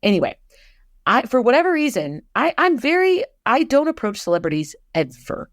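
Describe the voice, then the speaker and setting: A woman's voice: on the high side, sing-song, normal speed, no room sound, studio quality. A young woman, an actor and writer, telling a self-deprecating story as a podcast guest, laughing often.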